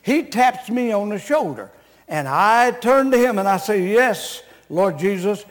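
Brief: high-pitched male preacher, blunt, scolding sermon with jokes, long hall reverb. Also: sing-song, normal speed. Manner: blunt, scolding, joking with the congregation. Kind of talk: revival sermon.

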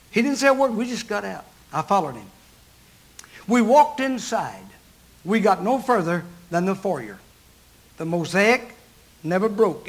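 An older man, a pastor, preaching a sermon and telling a story, swinging from loud exhortation to hushed narration. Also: high-pitched.

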